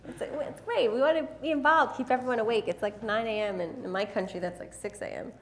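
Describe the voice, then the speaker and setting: A woman's voice: fairly high pitch, quick pace, slight background noise. A woman presenting a live workshop, teasing and directing volunteers in front of an audience. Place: event room with an audience.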